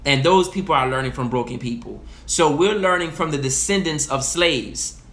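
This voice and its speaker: A man's voice: fairly high pitch, moderate pace, a bit bright. A young man of Haitian heritage giving a passionate, profane monologue that repeats its points. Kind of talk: casual monologue.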